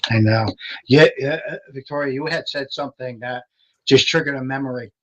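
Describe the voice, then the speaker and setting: An older man telling stories on a podcast in a lively way, laughing often and acting out what others said. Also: medium pitch, brisk, highs cut off. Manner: animated, laughs often, acts out quotes. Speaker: paranormal investigator guest. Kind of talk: casual storytelling.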